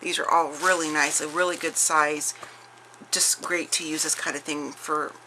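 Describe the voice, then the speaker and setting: A woman's voice: deep voice, fairly even intonation, moderate pace, pushed and bright, slight background noise, poor audio. A middle-aged woman showing off a craft haul in chatty show-and-tell style, gushing over each piece with many fillers and restarts. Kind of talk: casual show-and-tell chat.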